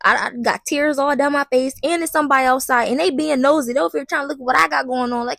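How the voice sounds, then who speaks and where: A young woman telling a personal story to the camera in an animated, slangy way, talking straight to the viewer. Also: sits high, fast, vocal fry, no room sound, studio quality. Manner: slangy and blunt, with some swearing. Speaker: vlogger. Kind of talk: casual storytime.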